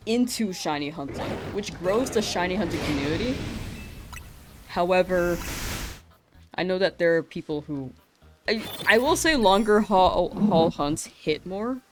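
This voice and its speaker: Chatty woman streamer, low voice. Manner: chatty, laughs often, talks to chat. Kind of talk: casual live-stream chat while gaming.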